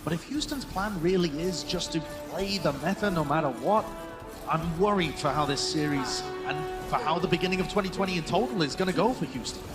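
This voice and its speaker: Male color commentator, slightly high voice, thoughtful analysis, music bed. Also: expressive. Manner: analytical, measured opinions. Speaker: esports analyst caster.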